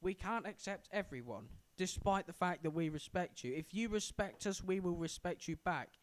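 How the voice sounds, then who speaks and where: A man's voice: sits high, expressive, moderate pace. A young man from England co-hosting a casual podcast, rambling and stumbling over his words, with a sore throat. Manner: rambling, stumbling, self-correcting. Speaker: podcast co-host. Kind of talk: casual chat.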